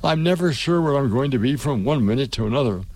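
A man's voice: mid-range voice, lively intonation, fast talker, a little mellow, no echo, lightly acted. A man reading a storybook aloud on radio, speaking a polite little girl's lines in an earnest, hesitant way. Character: polite, puzzled little girl.

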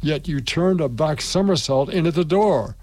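A man's voice: a little high, lively intonation, moderate pace, darkish tone, dry recording, voice pushed up. A man reading the part of a cheeky young man who keeps questioning his old father, his voice raised.

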